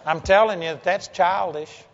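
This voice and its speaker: A man's voice: high voice, normal speed, a little hiss or hum. A man preaching a sermon in a blunt, folksy way, joking with the crowd. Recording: dull lo-fi sound with long hall reverb.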